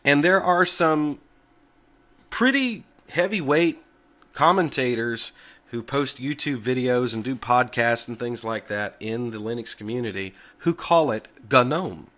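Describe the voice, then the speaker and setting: A man hosting a casual tech talk video from the United States, relaxed and chatty, sometimes correcting himself as he goes. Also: medium pitch, a little slow.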